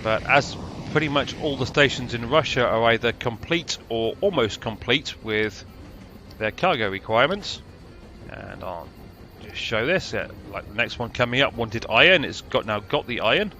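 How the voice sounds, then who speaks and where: A man's voice: mid-range voice, lively intonation, moderate pace, pushed and bright, lo-fi sound, slight background noise. A British man giving casual, rambling commentary over a train management game, with a dry, sarcastic manner. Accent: British English. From Britain. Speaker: gameplay commentator.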